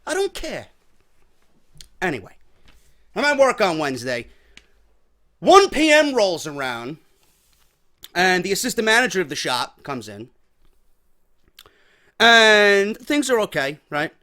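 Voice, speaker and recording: A man's voice: sits high, sing-song, measured pace, pauses often, sharp tone. A man from New York hosting a podcast, telling a story in a profane, heated, exasperated rant. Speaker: podcast host. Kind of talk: ranting storytelling.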